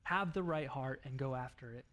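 A man preaching a sermon, telling a story in an animated way with laughs and acted-out quotes. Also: mid-range voice, moderate pace. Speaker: pastor.

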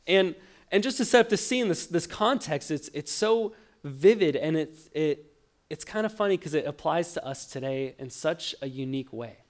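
A man preaching a sermon, telling the story with lively acted-out quotes and frequent stammered restarts. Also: a little high, moderate pace. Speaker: pastor.

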